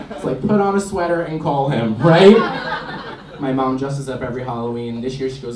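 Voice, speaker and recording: A man's voice: medium pitch, moderate pace. Brash man doing punchy stand-up. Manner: punchy, brash joke delivery with mimicked voices. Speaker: stand-up comic. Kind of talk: stand-up comedy set. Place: comedy club stage. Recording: echoey club sound from far off, clear background noise.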